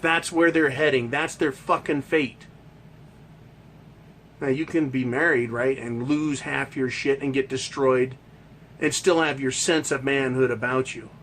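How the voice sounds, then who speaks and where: A man's voice: mid-range voice, steady tone, measured pace, a bit bright, slight background noise. A man hosting a ranting monologue, talking in a heated, emphatic and profane way. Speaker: host.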